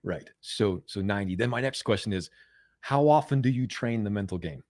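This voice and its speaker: A man's voice: lowish voice, a little fast, no echo. An American man in his forties, a performance coach, telling stories in an interview with lots of repeated words. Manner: animated, repeats words, acts out quoted voices loudly. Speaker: mental performance coach, guest. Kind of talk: conversational interview storytelling.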